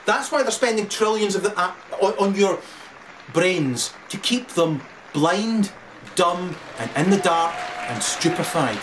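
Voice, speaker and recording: A man delivering a profane ranting monologue, often laughing and shouting. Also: sits high, animated, unhurried. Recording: distant mic with crowd chatter and noise.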